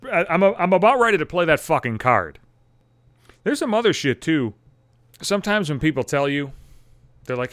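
This podcast host, a man in his thirties from around Buffalo, USA, rants casually with plenty of profanity, exasperation and sarcasm. He speaks briskly and very animatedly in a slightly high, fairly bright voice, pausing often. The recording is dry.

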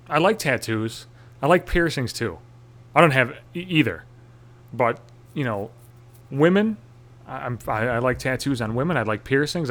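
A man's voice: mid-range voice, fairly bright tone. A man delivering a rambling comedic monologue, swearing freely and poking fun at his own anxiety, with frequent restarts. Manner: profane, self-deprecating, anxious rambling with restarts.

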